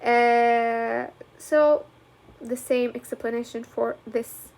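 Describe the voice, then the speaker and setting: A woman teacher walks through a lesson step by step. She talks in a fairly high voice. She moves easily between English and colloquial as she explains. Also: fairly even intonation, drawn-out words, gravelly, darkish tone. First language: Arabic.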